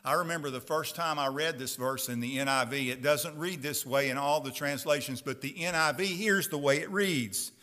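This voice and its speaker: Male preacher, high bright voice, unhurried, earnest scripture reading. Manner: reads scripture slowly and earnestly, asks the listeners questions. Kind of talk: sermon.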